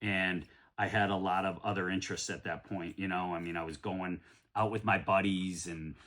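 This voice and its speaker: A middle-aged man from the United States, rambling casually through a card-break vlog and often breaking into excited shouts. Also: deep voice, moderate pace. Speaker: card collector opening packs.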